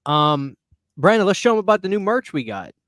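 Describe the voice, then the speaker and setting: A man's voice: high-pitched, big pitch swings, a little fast, fairly bright tone, no room sound, clean studio sound. A man hosting a casual podcast chat, laid-back and laughing often between fillers. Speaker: podcast host.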